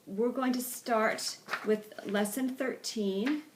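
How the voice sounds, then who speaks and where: A woman ESL teacher slowly and carefully pronouncing vocabulary words, repeating each one several times for her students. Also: on the high side, background noise. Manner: slow, careful enunciation with repetition. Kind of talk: vocabulary pronunciation lesson.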